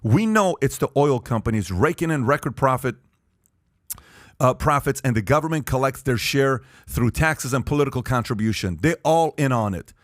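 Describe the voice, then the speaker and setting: A man's voice: medium pitch, expressive, normal speed, no room sound, studio quality. A man hosting a podcast panel, talking emphatically and firing rhetorical questions at the group. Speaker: podcast host. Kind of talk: animated podcast talk.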